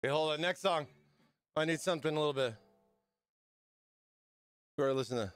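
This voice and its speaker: A man hosting a casual livestream, excitable and hyped, talking straight to his chat. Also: on the high side, brisk, clean tone, faint music behind. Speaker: livestream host.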